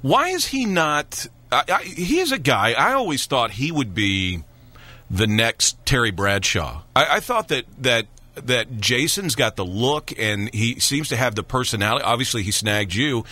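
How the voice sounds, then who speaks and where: A man's voice: medium pitch, big pitch swings, normal speed, sharp tone. A man hosting a radio interview, chatty, with stumbling restarts. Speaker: radio show host.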